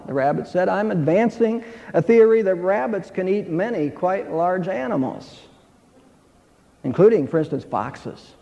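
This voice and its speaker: A man's voice: sits high, animated, normal speed, vocal fry, warm tone. A man preaching a sermon, telling a fable in an earnest, emphatic way. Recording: dull hall reverb.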